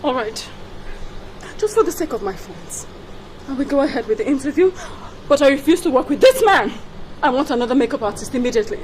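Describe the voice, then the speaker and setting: An actress playing a vain, haughty female celebrity who is quick to rage and insults people. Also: big pitch swings, reverberant, slight background noise. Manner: imperious, shrill and insulting when angry. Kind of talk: Nollywood film acting.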